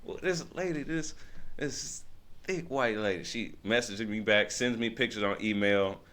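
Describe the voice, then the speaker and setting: A man's voice: fairly low pitch, unhurried. A man telling a long story in casual chat, laughing often and acting out what others said. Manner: animated, laughing, acts out quoted lines. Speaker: podcast guest.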